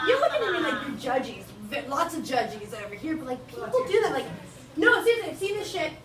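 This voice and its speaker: A woman's voice: high voice, big pitch swings, brisk, sharp tone. A young woman from Bolivia doing a stand-up comedy set, rambling, crude and laughing often. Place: small venue with live audience. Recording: roomy, distant live room recording with noise.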